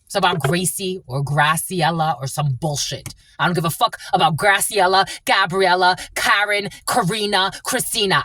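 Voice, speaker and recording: A woman's voice: fairly low pitch, normal speed, few pauses, bright, forceful tone, dry recording. A woman giving a tarot reading who swears often and repeats herself bluntly. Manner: profane, blunt and repetitive. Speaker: tarot reader. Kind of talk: angry spiritual tarot reading.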